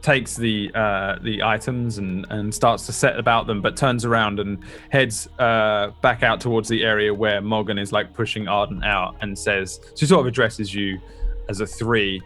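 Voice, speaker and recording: A man narrating a tabletop role-playing game as game master, talking in a loose, relaxed way. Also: on the low side, moderate pace, soft background music.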